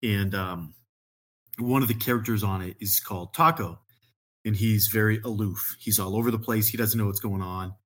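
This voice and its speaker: Husky low-voiced man telling rambling stories. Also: normal speed. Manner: rambling storyteller, heavy on "like", laughs often. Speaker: podcast guest. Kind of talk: casual chat.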